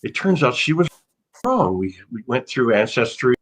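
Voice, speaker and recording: An American man, an actor guest in a casual interview, telling rambling, self-mocking stories with bursts of loud laughter. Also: mid-range voice, sing-song, moderate pace, husky, rough recording.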